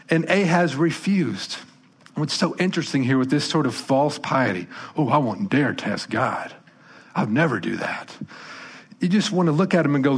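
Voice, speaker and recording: A man preaching a sermon as pastor, conversational and emphatic, swinging between loud punches and soft, quiet lines. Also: fairly high pitch.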